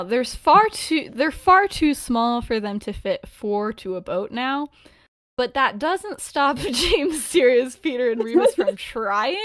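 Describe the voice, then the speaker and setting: A woman's voice: fairly high pitch, a bit bright, no echo. A woman hosting a podcast, telling a fan-fiction story in a loose, rambling way, full of "like" and "um" and frequent giggles. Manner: chatty, rambling, many "like" and "um" fillers, giggles often. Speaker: podcast host.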